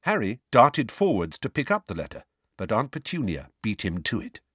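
Male audiobook narrator, dramatic and animated, close and dry. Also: fairly low pitch, normal speed, breathy edge, no room sound. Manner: dramatic, expressive reading.

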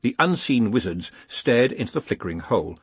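A man reading an audiobook in a wry, expressive storytelling manner. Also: mid-range voice, brisk, breathy edge, dry recording. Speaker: audiobook narrator. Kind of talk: scripted narration.

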